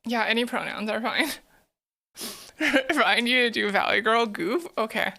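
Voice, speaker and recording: Giggly woman streamer, slightly high voice. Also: measured pace, creaky, bright, forceful tone. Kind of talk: casual live-stream chat.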